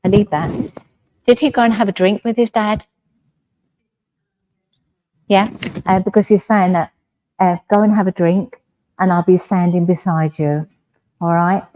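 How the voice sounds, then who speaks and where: An English woman giving a mediumship demonstration in a village hall, talking gently and reassuringly and often checking in with "all right?". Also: mid-range voice, fairly even intonation, measured pace, pauses often.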